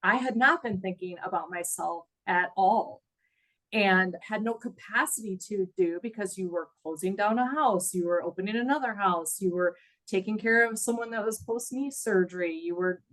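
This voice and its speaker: A woman's voice: mid-range voice, normal speed, fairly bright tone, rough recording. A middle-aged woman telling her story in an interview, earnest and reflective, audibly emotional. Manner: earnest, reflective, laughs at times. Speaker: guest.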